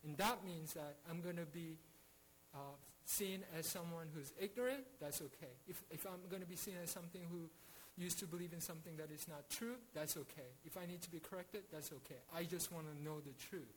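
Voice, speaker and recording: Guy with a high voice teaching bible study, earnest, keeps restarting, slight hum in the background. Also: fairly quick, hardly any pauses, rough recording. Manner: earnest, many restarts and rhetorical "right?".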